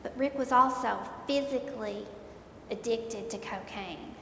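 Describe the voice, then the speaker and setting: A woman giving an earnest faith testimony, retelling events and repeating herself as she speaks. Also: unhurried. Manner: earnest, repeats words while recounting, voice rises in dismay. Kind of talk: emotional faith testimony storytelling. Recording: echoey hall, faint rumble.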